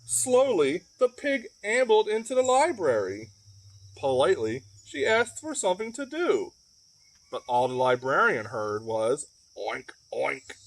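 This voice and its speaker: Playful, animated man reading to kids. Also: sits high, a little slow. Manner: playful, chatty asides to kids. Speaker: library storyteller. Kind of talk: children's story read-aloud.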